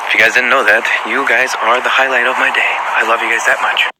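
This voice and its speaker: A man's voice: mid-range voice, little pitch movement, fast talker. A man vlogging casually to his viewers in a playful, rambling, affectionate way, joking and restarting his sentences often. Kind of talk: casual vlog talking to viewers. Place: outdoors at night, then at a car wash. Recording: loud background noise.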